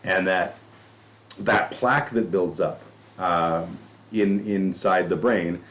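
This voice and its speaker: Very deep-voiced rambling male podcast host. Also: slow pace, a bit bright, a little hiss or hum. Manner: rambling, swears casually, self-deprecating asides. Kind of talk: casual chat. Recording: dull lo-fi audio.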